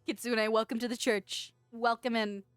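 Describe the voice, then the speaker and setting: A woman streaming as a VTuber, chatting casually with viewers, playful and quick to laugh, with casual swearing. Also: fairly high pitch, little pitch movement, clear, resonant tone, no room sound. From United States. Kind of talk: casual chat reading viewer messages.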